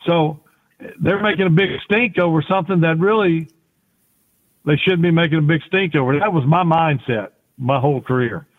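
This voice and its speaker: This former quarterback, guesting on a podcast, spins meandering, down-home tales full of false starts. He talks at a moderate pace with a voice on the higher side, and the recording has a tinny, telephone quality.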